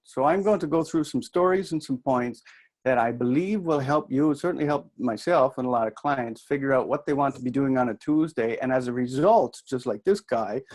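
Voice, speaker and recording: A middle-aged man from New Brunswick, his accent a blend of Canadian and Irish, gives a chatty, self-deprecating workshop talk to an audience. His voice is mid-range with a darkish tone.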